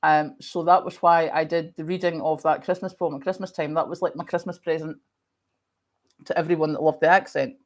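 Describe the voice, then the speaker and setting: A middle-aged woman with a Scottish accent chats through a livestream, answering viewers in a lively, storytelling manner. Her voice sits a little low for a woman. She has a lingering cough. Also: brisk. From Scotland. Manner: chatty, animated storytelling. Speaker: livestream host. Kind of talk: casual chat reading viewer comments.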